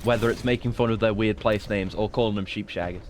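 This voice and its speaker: A man's voice: fairly low pitch, fairly quick, a little hiss or hum. Swearing, joking male game streamer. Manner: profane, joking, rambling. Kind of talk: casual gameplay commentary.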